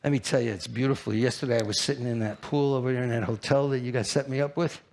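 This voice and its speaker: A man giving a live conference presentation, brash and animated, jumping to high, loud bursts and firing questions at the audience. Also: fast talker, creaky, slight background noise. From New York. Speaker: keynote speaker at a trade fair.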